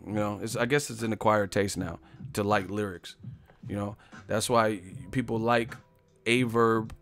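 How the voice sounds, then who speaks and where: A man hosting a live stream, ranting in a sarcastic, mocking tone. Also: lowish voice. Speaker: boxing live-stream host.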